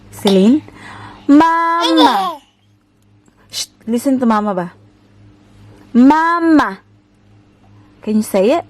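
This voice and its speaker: A woman in her thirties with a Filipino accent, chatting and coaxing her baby in a casual family vlog. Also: on the high side. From Philippines. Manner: coaxing sing-song mother talk mixing English and Filipino. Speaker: family vlogger.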